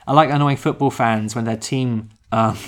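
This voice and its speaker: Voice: mid-range voice, fairly even intonation, normal speed. A podcast co-host in casual chat reviewing a film, wry and joking, often laughing.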